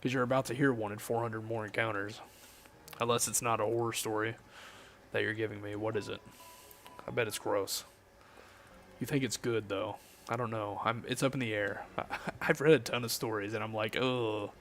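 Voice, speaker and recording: A man's voice: lowish voice, moderate pace, gravelly, a little hiss or hum. A man from the Southern United States with a Southern accent, chatting casually with viewers and cracking jokes on a late-night game stream. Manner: relaxed, joking, chatting with viewers.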